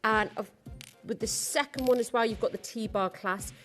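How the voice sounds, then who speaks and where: A woman's voice: on the high side, normal speed, fairly bright tone, faint music behind. Chatty woman selling jewellery. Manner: chatty, giggly, enthusiastic. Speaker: shopping channel presenter.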